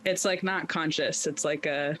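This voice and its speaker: Guy at a tabletop game, rambly, says like a lot, slightly high voice. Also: fairly even intonation, normal speed, pushed and bright, soft background music, rough recording. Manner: rambling, lots of filler words. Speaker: player. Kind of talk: tabletop game play, describing actions.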